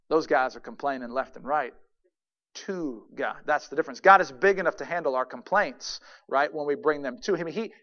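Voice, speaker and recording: A man preaching a sermon in a church, his voice sitting a little high. He drives points home loudly, then drops to a near mutter. The recording is dull and lo-fi. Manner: emphatic preaching, swings from loud to murmuring. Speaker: pastor. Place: church sanctuary.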